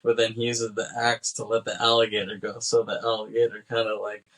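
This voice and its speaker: A man with a fairly low voice co-hosts a film podcast in a loose, casual way. He laughs often as he recaps scenes, slipping into quick character voices along the way. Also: completely flat delivery, a bit bright, low-quality recording. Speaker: podcast co-host. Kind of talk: casual film-discussion chat.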